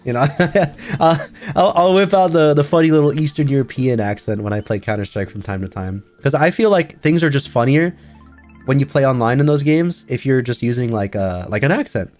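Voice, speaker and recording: A man in an ordinary mid-pitched voice, talking casually to his stream chat. He rambles, restarts and leans on fillers, and soft music plays faintly underneath. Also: animated, fairly quick. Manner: rambling, filler-heavy, chatty. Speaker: VTuber streamer.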